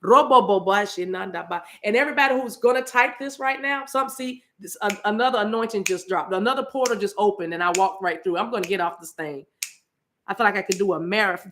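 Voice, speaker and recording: With a medium-pitched, bright, forceful voice and a brisk pace, a woman from the eastern United States preaches spontaneously on her spiritual livestream. She's fervent and repetitive toward the live chat, breaking into speaking in tongues, over a little hiss or hum.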